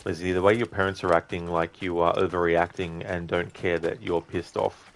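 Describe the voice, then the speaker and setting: A man with a deep, low-pitched voice talks through a live gameplay stream. He chats easily with viewers, reads their messages and thanks them, often pausing on an um or correcting himself partway through a sentence. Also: level tone. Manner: frequent ums and self-corrections. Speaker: livestreamer. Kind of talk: casual live game-stream commentary.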